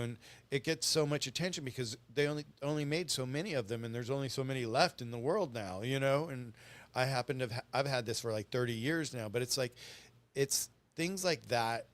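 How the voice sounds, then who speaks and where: A man's voice: medium pitch, a little fast, a bit bright, no room sound. A middle-aged man chatting as a guest, telling stories in an earnest, rambling way. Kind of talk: casual storytelling chat.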